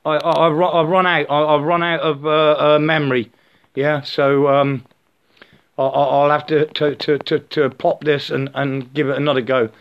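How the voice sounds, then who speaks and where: A high-voiced man talks in a loose, stammering spiritual monologue, tripping over repeated words and now and then slipping into slow chanted gibberish. The recording sounds slightly dull and lo-fi. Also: level tone. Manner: stammering, repeats words, breaks into slow sung nonsense syllables.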